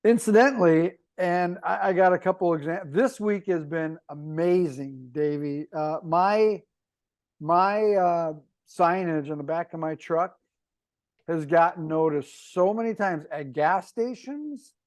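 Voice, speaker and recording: A man with a high voice chats on a podcast. He talks in a halting way and often stops to restart his thoughts. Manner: halting, with many fillers and restarts. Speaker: podcast co-host. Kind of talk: casual chat.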